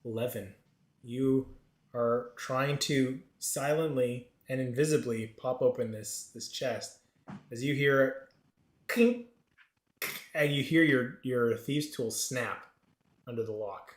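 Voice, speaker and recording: A man narrating as game master of a tabletop game, halting often with fillers and restarts. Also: mid-range voice, fairly even intonation, reverberant, a little hiss or hum.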